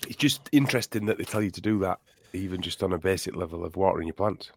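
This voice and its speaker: A man's voice: sits low, fast talker, noisy background. A man co-hosting a casual podcast chat, laid-back and laughing easily. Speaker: podcast co-host.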